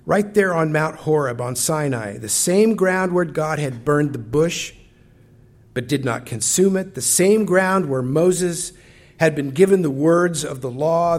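Slow, reflective male preacher. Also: fairly high pitch, gravelly, a little mellow. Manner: reflective, talks directly to the congregation. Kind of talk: sermon.

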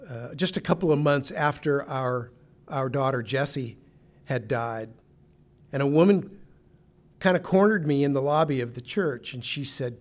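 A man's voice: medium pitch, moderate pace. A man preaching a sermon as a pastor, earnest and emphatic, now and then restarting a phrase.

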